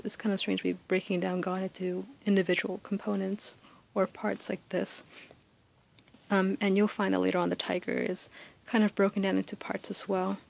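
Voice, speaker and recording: A woman giving a casual spoken lesson, thinking aloud with many ums and uhs and reading poem lines slowly and deliberately. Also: medium pitch, creaky, rough recording. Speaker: teacher explaining close reading.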